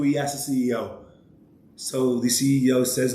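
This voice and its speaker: A male rabbi giving a measured lecture, posing rhetorical questions to his listeners. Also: mid-range voice, little pitch movement, dark tone. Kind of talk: religious lecture. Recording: roomy echo.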